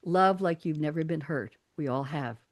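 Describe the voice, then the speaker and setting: A woman's voice: low voice, normal speed. An older woman hosting a live radio talk show, reading quotes and poems aloud in a playful, theatrical way and laughing often. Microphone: studio mic.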